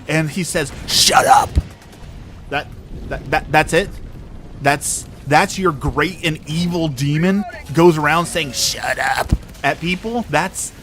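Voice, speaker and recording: A man streaming live, ranting casually with sarcastic, mocking exasperation. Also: fairly high pitch. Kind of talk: casual rant to a live audience.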